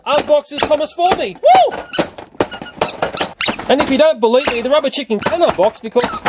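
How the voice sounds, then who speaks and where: A man casually reviewing a toy train set in a playful way, often breaking into excited shrieks. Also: sits high, heavy background noise.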